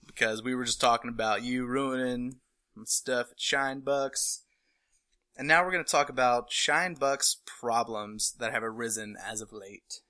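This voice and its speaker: A man from North Carolina chatting casually as a podcast co-host, rambling and animated, with laughing outbursts. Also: medium pitch. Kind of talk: casual chat.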